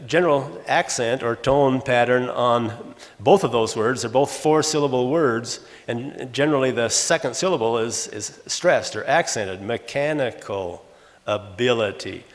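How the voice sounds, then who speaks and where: An older man from Los Angeles giving an academic conference lecture, explaining by example and often correcting himself mid-sentence. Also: mid-range voice. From Los Angeles, USA. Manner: explanatory, works through examples, frequent self-corrections. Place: conference hall. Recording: long reverb of a conference hall.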